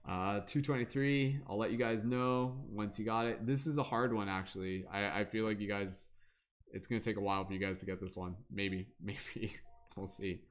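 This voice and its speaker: Hosting a tarot livestream, this man speaks in a steady tone on the low side. His talk is casual and loose, with filler words and hummed "da da da" sounds in the gaps.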